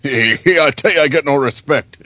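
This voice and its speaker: A man's voice: mid-range voice, a little fast, pushed and bright, husky, no room sound. A man imitating a wisecracking stand-up comedian, firing off punchy one-liners. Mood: joking.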